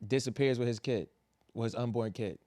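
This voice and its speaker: A young adult man on a podcast, recapping a TV finale in casual, profane, animated chat and acting out quotes. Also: mid-range voice, brisk, no room sound, studio quality. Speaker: podcast co-host.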